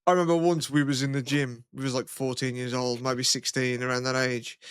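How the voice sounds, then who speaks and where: A man's voice: medium pitch, flat delivery, fairly quick, fairly bright tone, smooth, no room sound, studio quality. A young man from the UK, co-hosting a podcast in casual, rambling chat with plenty of swearing and fillers. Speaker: podcast co-host.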